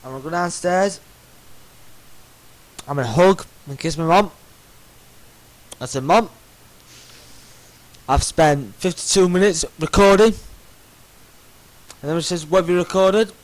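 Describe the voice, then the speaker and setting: A man's voice: on the high side, measured pace, long pauses, rough recording. A man ranting in exasperation over a game, stammering as he goes. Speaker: gamer. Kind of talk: game commentary rant.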